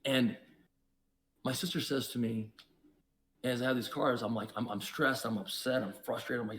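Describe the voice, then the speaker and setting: A man's voice: fairly even intonation, moderate pace, long pauses, slight background noise. Emphatic man preaching life lessons. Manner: emphatic and preachy, with sharp swings in pitch and loudness. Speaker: podcast guest, investor and entrepreneur. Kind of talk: reflective storytelling.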